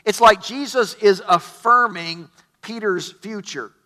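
A man's voice: high voice, slow, sharp tone. A middle-aged man preaching a sermon as pastor, telling the story with enthusiasm and stammered restarts.

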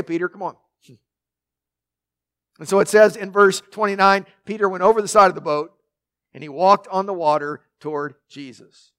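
A man with a high voice preaching to a congregation. He tells the story conversationally, with asides and light jokes. He restarts sentences by repeating a word. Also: fairly bright tone. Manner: repeats words when starting sentences. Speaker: pastor. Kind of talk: sermon. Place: in front of a congregation.

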